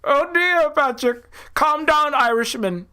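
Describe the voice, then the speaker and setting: A man mocking as a smug high-voiced official. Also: animated, slow, bright, forceful tone, full character voice. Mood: patronizing. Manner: mocking, singsong, patronizing. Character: smug condescending male official herding rebels.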